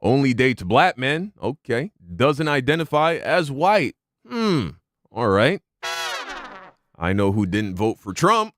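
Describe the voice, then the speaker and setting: A man's voice: medium pitch, big pitch swings, slow pace, a bit bright, no echo. A man streaming reactions, musing aloud in a laid-back way with plenty of slang. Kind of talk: casual reaction commentary.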